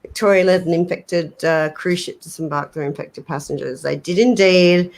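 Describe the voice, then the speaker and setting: A woman co-hosting a casual livestream on her laptop, talking slowly and drifting into a put-on English accent. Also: fairly low pitch. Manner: slow, drawn-out, slips into a put-on English accent. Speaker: co-host of a paranormal livestream. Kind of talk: casual chat. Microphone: laptop webcam.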